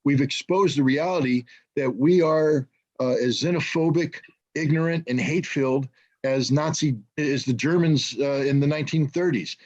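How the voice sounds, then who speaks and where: A man's voice: fairly high pitch, normal speed, a little mellow. A man from the United States speaking as a guest on an online panel, impassioned and indignant, often restarting his sentences. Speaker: guest commentator.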